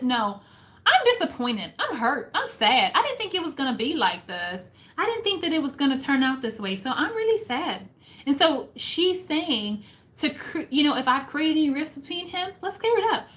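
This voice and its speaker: Bright-voiced woman hosting a faith book chat. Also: sits high, moderate pace. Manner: lively, exclamatory, reads passages aloud and reflects. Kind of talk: casual livestream book recap.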